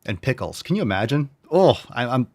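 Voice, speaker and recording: A man in his forties from New York hosting a fitness show, reading viewer meals aloud in a loud, brash, profane, riffing way. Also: mid-range voice, big pitch swings, fairly quick. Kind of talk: casual chat reading viewer posts.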